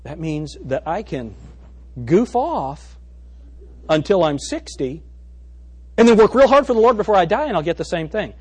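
A man's voice: high voice, big pitch swings, moderate pace, long pauses, darkish tone, husky, exaggerated voice. A male preacher voicing a carefree seventeen-year-old boy who plans to goof off, in a glib tone. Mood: smug.

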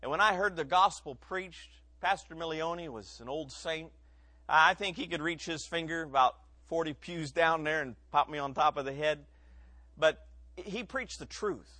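A man preaching a sermon, telling his own testimony in an earnest, emotional way that rises into loud emphasis and drops to near quiet. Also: a little high, moderate pace, no room sound. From Ohio.

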